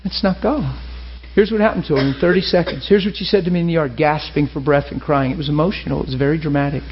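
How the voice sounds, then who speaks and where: A man preaching a sermon and telling a personal story, animated and emotional, swinging between near-shouts and quiet confiding. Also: fairly high pitch, fast talker, dull audio, a little hiss or hum. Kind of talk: sermon testimony.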